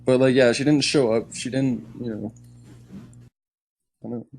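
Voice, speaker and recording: A man's voice: medium pitch, steady tone, measured pace, a little mellow, a little hiss or hum, rough recording. A young man telling a story in casual podcast chat, rambling with lots of "like" and laughing as he goes. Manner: rambling, heavy use of "like", laughs while telling.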